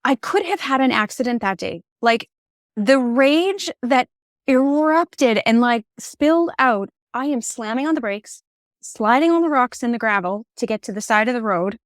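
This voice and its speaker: A middle-aged woman, a podcast guest, telling personal stories in an animated, candid conversational way. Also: fairly high pitch, moderate pace, no room sound, clean studio sound. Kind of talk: conversational storytelling.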